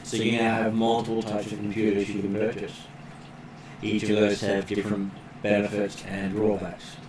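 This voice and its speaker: A man's voice: on the low side, completely flat delivery, moderate pace, darkish tone, slight background noise. A man acting as game master, patiently explaining rules with fillers in a tabletop game session. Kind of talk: running a tabletop game over voice chat.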